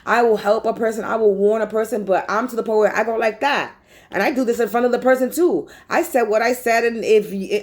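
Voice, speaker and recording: A woman's voice: a little high, brisk, rough recording. A woman vlogger in a rambling casual monologue, talking bluntly and profanely.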